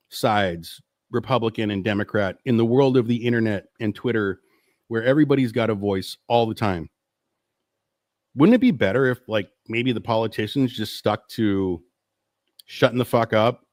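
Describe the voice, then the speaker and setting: A man's voice: mid-range voice, dry recording, studio quality. A man hosting a live stream, ranting in a profane, exasperated and rambling way. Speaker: host.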